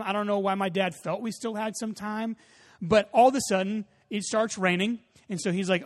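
A pastor preaching a sermon, telling a lively personal story and acting out the voices in it. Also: male voice, sits high, normal speed. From Texas. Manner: animated storytelling, acts out voices. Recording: long hall reverb.

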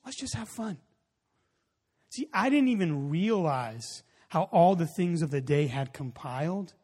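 Male pastor, thirties, high voice, lively storytelling sermon, long hall echo. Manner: animated storytelling, acts out his own reactions.

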